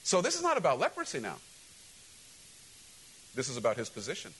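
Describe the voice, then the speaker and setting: A pastor preaching a sermon to his church, animated and direct, acting out quoted voices and calling questions to the congregation. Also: medium pitch, brisk, breathy edge, rough recording.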